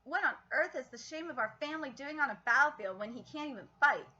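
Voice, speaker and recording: A woman's voice: high voice, lively intonation, fast, bright, forceful tone. A woman reading the lines of a smug, arrogant young male noble in a sneering, condescending way. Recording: lo-fi stream audio.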